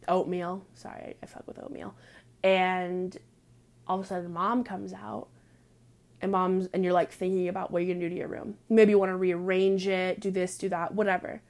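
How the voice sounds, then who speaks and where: Blunt, foul-mouthed young woman venting. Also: lowish voice. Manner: blunt, crude, heavy on "like" fillers; drops to hushed asides now and then. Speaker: vlogger. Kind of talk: casual profane venting monologue.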